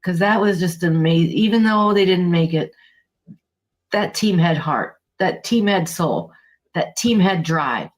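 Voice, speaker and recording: A woman with a somewhat low voice, venting on a casual sports podcast. She is heated and exasperated and swears freely as she complains. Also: expressive, unhurried. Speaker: podcast co-host.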